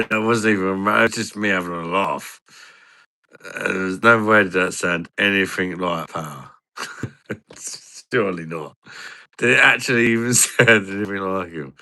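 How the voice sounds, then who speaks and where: A man's voice: lowish voice, creaky, bright, forceful tone, no echo, studio quality. A man chatting casually with viewers, rambling, swearing and laughing often. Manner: giggly, swears a lot, rambling. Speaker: streamer.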